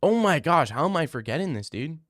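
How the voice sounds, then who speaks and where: A man's voice: on the high side, sing-song, brisk, a bit bright, no echo, studio quality. Rambling young man reading live chat. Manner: rambling, opinionated, repeats himself. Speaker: streamer.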